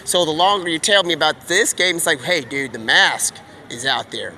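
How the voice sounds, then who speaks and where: A man live streaming outdoors, rambling excitedly in slangy talk as he jumps from one topic to the next. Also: fairly high pitch, moderate pace, slight background noise. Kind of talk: rambling stream-of-consciousness monologue.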